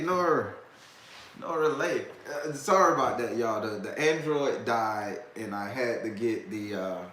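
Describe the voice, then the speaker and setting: A man's voice: lowish voice, fairly bright tone. A man casually telling a long personal story to his viewers, rambling with restarts and slang. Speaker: host of a talk stream. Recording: echoey room with faint background noise.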